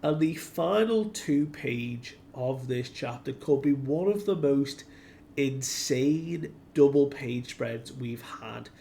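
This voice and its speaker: A man's voice: mid-range voice, animated, slow, gravelly, mellow, a little hiss or hum. A man giving casual commentary as a manga reviewer, retelling scenes animatedly and acting out the quotes.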